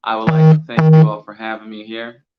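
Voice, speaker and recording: A man's voice: lowish voice, brisk, soft background music. A man doing a crude, blunt stand-up comedy set. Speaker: stand-up comic. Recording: dull lo-fi sound with faint noise.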